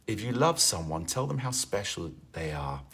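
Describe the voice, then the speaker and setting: A man's voice: deep voice, sing-song, moderate pace, creaky, a bit bright, breathy edge. A man leading a livestream fitness class, chatting casually with viewers and greeting them by name, with lots of fillers. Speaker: fitness instructor.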